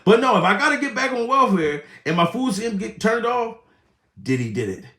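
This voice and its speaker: A male comedian rants in a high, wildly swinging voice, profane and laughing, jumping from shouts to muttered asides. The sound is roomy and echoey. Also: very animated, moderate pace. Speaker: comedian host. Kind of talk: loud comedic rant.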